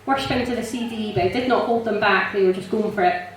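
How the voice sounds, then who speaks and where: A woman tells her church testimony in a chatty, animated way, laughing as she goes and filling pauses with ums. Her voice sits at a middle pitch. It comes from some distance off the mic and carries a strong echo through the church, with a faint hiss underneath. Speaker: church member sharing a testimony.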